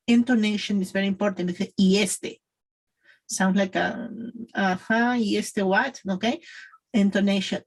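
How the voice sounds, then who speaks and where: A woman's voice: medium pitch, breathy edge, rough recording. A woman whose first language is Spanish, teaching a beginner Spanish lesson in English, patiently repeating and modeling phrases for learners. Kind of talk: slow guided language lesson.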